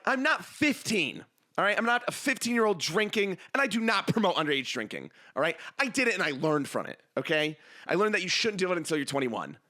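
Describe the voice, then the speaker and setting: A man's voice: on the high side, sharp tone. A young man hosting a casual solo podcast, rambling and self-mocking as he jumps between tangents. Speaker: podcast host.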